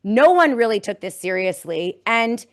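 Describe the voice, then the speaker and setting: A woman's voice: a little high, sing-song, normal speed. A woman hosting a live-streamed commentary show, talking in an indignant, sarcastic, rambling way with frequent restarts. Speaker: talk show host.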